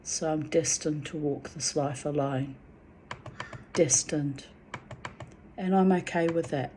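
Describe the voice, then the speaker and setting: A woman's voice: low-pitched, slow pace, mellow, slight background noise. A woman speaking in a raw, emotional monologue, venting and swearing about love and men. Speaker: spiritual vlogger.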